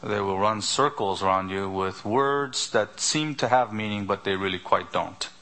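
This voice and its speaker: A man's voice: lowish voice, normal speed, sharp tone. A man preaching a sermon as a pastor, pressing his listeners with rhetorical questions one after another. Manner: rhetorical repeated questions, emphatic.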